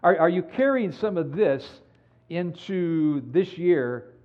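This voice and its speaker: Man preaching, lively rising and falling voice, somewhat high, lo-fi sound. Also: takes it slowly. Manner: animated storytelling, acts out quoted dialogue. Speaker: pastor. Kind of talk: sermon.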